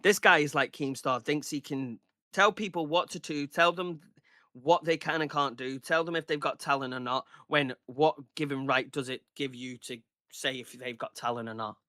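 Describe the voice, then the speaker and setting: A man's voice: mid-range voice, moderate pace, pushed and bright, no room sound, studio quality. A man in his thirties in casual podcast chat, heated and ranting, swearing freely. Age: 30s. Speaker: podcast guest.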